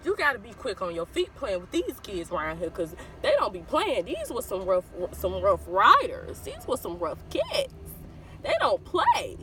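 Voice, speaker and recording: A woman with a Southern US accent telling a childhood story to her viewers in a casual, animated way, acting out the voices of the people in it. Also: medium pitch, low-quality recording. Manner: animated, addresses viewers as y'all, acts out quoted voices.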